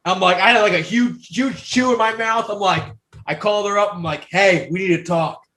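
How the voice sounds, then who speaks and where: A man in his thirties from New York, a podcast guest telling a story in casual chat. He is animated and profane, with lots of fillers. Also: high-pitched, a little fast. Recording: roomy echo.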